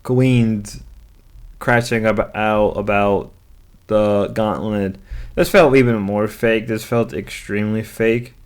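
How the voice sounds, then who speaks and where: A man's voice: lowish voice, fairly even intonation, takes it slowly, clean tone. Rambling man reacting to a clip. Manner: hesitant, rambling, with fillers and restarts. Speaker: commentary youtuber. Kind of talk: reaction commentary.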